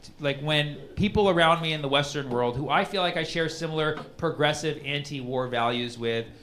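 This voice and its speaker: A man's voice: a little high, fairly quick, fairly bright tone. A man doing a stand-up comedy set in a rambling, ironic way, full of "like" and "you know", recorded live on a comedy club stage with audience noise.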